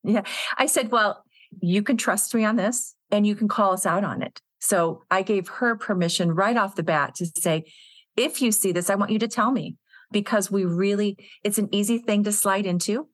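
A woman's voice: medium pitch, normal speed, no room sound. A woman executive director speaking as a podcast guest, telling workplace stories in an earnest, conversational way. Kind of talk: casual interview conversation.

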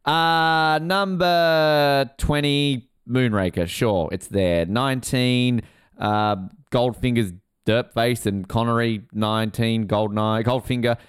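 A man's voice: fairly low pitch, fairly even intonation, measured pace, smooth. A man co-hosting a casual podcast chat, joking and laughing often. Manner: jokey, laughs often, mock accent bits. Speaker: podcast co-host.

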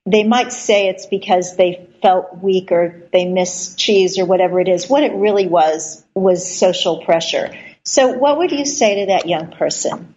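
A woman hosts a podcast interview, asking questions and heaping praise on her guest. Her voice sits at an ordinary pitch. The sound is slightly dull and lo-fi. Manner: warm, effusive praise for the guest. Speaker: podcast host. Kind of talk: casual interview talk.

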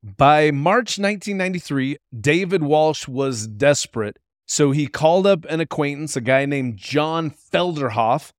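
A man's voice: medium pitch, dry recording, clean studio sound. A man co-hosting a podcast, telling a true story in a wry, conversational way with plenty of fillers. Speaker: podcast co-host. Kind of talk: casual storytelling podcast chat.

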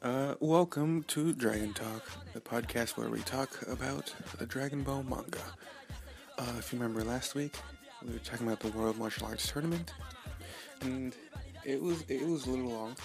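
A man's voice: mid-range voice, vocal fry, music in the background. A man hosting a casual podcast, talking animatedly and laughing often as he recaps a story. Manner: animated, laughs a lot, acts out characters in quick voices. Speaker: podcast host.

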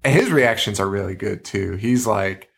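A podcast co-host with a lowish, gravelly, husky voice talks at a normal speed about a horror movie. He chats casually and swears freely while animatedly retelling its scenes.

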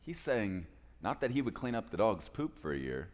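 A man preaching a sermon as pastor, swinging between loud, pleading peaks and hushed, intense passages. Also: on the low side, very animated, normal speed, long reverb tail.

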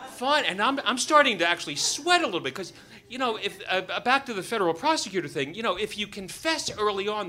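A man telling a true story to an audience, joking and acting out the people in it. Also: high voice. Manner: animated, joking, acts out the voices of the people in the story. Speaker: doctor telling a personal story. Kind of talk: live storytelling.

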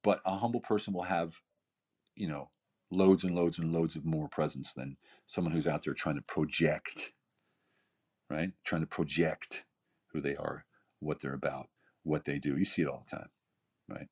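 Speaking at a moderate pace with long pauses, this podcast guest in his fifties, an author and keynote speaker, has an extremely low, steady, darkish voice. His motivational talk is emphatic, packed with rhetorical questions and phrases said again and again.

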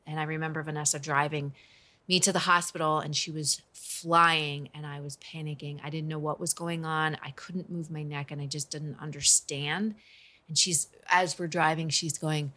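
A woman's voice: sits low, fairly even intonation, moderate pace, bright, forceful tone. A woman in her forties, a business coach, telling a personal story in an earnest, emotional, conversational way.

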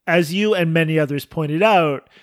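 A man's voice: a little high, moderate pace, no room sound, studio quality. A man co-hosting a podcast in casual chat, thinking aloud with hesitations and frequent laughter. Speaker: podcast co-host.

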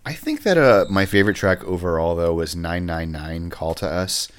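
A man's voice: deep voice, expressive, normal speed, clear, resonant tone. A man co-hosting a podcast, chatting casually and ramblingly about a band's record, with many restarts. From rural California. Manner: rambling, frequent restarts and laughter. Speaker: podcast co-host. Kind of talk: casual music review chat.

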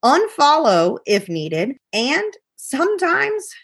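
A woman's voice: sits high, wildly swooping pitch, slow pace. Earnest woman guest giving heartfelt advice. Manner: emphatic, repeats phrases, acts out friends' voices. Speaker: podcast guest.

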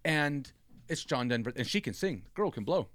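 A man in his thirties with a medium-pitched voice at normal speed tells a long comic story in casual chat on a comedy podcast. He's animated, acting out what people said.

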